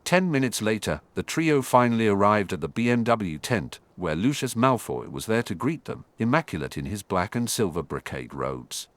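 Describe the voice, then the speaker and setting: A man narrating a fan fiction audiobook in a steady storytelling manner. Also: on the low side, moderate pace, few pauses, no room sound.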